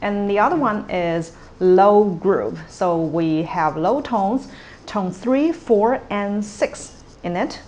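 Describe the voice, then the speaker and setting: A woman teaching a language lesson at a slow, deliberate pace, often checking in with "okay" and "all right". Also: medium pitch, a little mellow, slight background noise. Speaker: Cantonese teacher.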